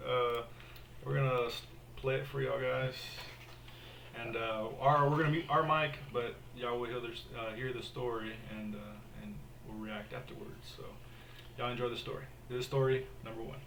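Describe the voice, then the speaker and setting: A man's voice: mid-range voice, fairly even intonation, normal speed, creaky, fairly bright tone, a little hiss or hum. A man co-hosting a podcast, introducing a story in a loose, hesitant casual way. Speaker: podcast co-host. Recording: echoey room, mic at a distance.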